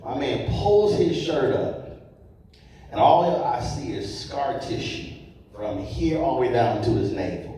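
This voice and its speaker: A man speaking to a conference audience, telling stories slowly and stressing key points, recorded from afar in a large hall. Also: medium pitch, animated, warm tone. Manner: slow, emphatic, repeats key points. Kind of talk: storytelling talk to an audience. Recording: echoey hall from far off, faint ambience.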